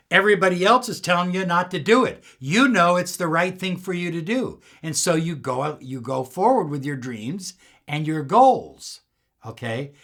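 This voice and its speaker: A middle-aged man giving slow, soothing, emphatic motivational spiritual teaching. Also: a little high, fairly bright tone. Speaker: law of attraction teacher.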